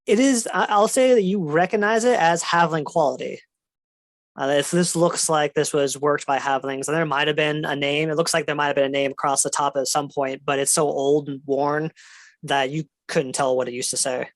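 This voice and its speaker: A man narrating as game master of a tabletop game, relaxed and descriptive with fillers. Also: on the high side, moderate pace, no echo.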